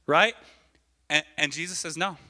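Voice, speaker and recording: A man preaching a sermon as a pastor in church, animated and repetitive, often checking in with his listeners. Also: on the high side, normal speed. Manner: animated, repeats phrases, keeps asking the crowd "right?".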